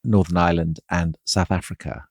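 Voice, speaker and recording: A man co-hosting a history podcast, adding measured, wry comments. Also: low-pitched, steady tone, gravelly, no echo, clean studio sound. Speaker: podcast co-host.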